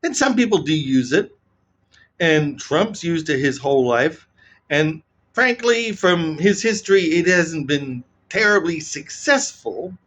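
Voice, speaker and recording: Animated man commenting casually. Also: fairly high pitch, muffled recording. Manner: animated, keeps asking "right?".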